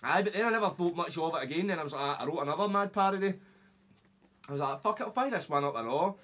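Husky, rapid Scottish man, sweary. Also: on the high side, expressive, fairly bright tone. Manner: sweary, rambling anecdotes with acted-out quotes. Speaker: podcast host. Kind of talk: casual podcast chat.

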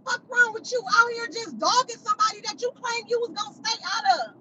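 A very high-pitched, bright woman lashes out at critics on a livestream, confrontational and profane. She hammers the same insults over and over into her phone, with a faint hum of a vehicle behind her. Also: animated, moderate pace, few pauses, rough recording. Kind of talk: angry livestream rant.

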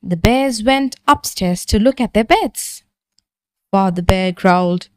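A woman narrating a bedtime story for children in a gentle, expressive manner. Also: mid-range voice, a little slow, smooth, no echo.

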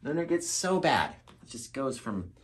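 A chatty man leads a live painting lesson, repeating his encouragements as he works. His pitch rises and falls freely from a middle register. For his show intros he switches to a loud, upbeat radio-style voice. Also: sing-song, normal speed. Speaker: painting instructor.

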